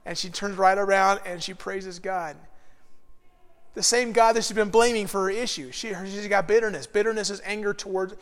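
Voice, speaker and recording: High-voiced man teaching scripture, echoing room. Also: normal speed. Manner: lively, animated storytelling with frequent restarts. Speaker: Bible study teacher. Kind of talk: informal Bible teaching.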